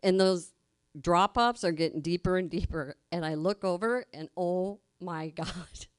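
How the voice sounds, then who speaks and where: A woman's voice: lowish voice, unhurried, clear, resonant tone, no echo, studio quality. A middle-aged woman telling a personal story live on stage, colloquial, laughing as she goes and acting out the voices she quotes. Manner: colloquial, laughs through her own story.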